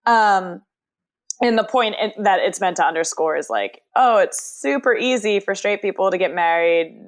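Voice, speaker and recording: A woman's voice: medium pitch, moderate pace. Woman, podcast co-host, casual recap chat, mid-range voice, plays out the lines she quotes. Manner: chatty, acts out quotes from scenes.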